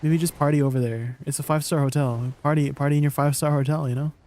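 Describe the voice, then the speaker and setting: A man's voice: a little high, steady tone, fast, darkish tone. A man streaming a game, chatting casually and rambling, often asking his chat questions and laughing easily.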